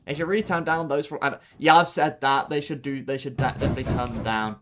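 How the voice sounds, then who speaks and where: A man's voice: medium pitch, steady tone, fast. A young man streaming a game live, joking, bragging and chatting back to his viewers in a casual way. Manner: joking, boastful, answering chat. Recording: clear background noise.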